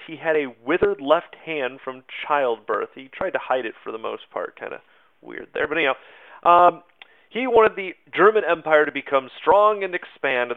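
Chatty man teaching history over tinny audio. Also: medium pitch. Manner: informal, chatty, many fillers and asides. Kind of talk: casual recorded history lecture. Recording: narrow phone-like sound.

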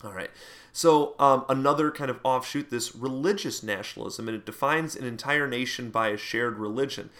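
A man lecturing to a class in a relaxed, conversational manner. He wanders through fillers and side comments as he explains. His voice sits at an ordinary middle pitch. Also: normal speed. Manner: puts on mock voices for quoted speech. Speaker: teacher.

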